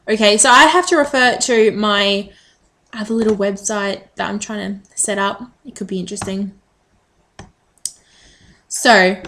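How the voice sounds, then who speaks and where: A woman talking casually to her camera. She rambles from one thing to the next, filling pauses with plenty of ums, at an ordinary pitch for a woman. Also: a bit bright. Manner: chatty, rambling, frequent ums. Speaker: vlogger.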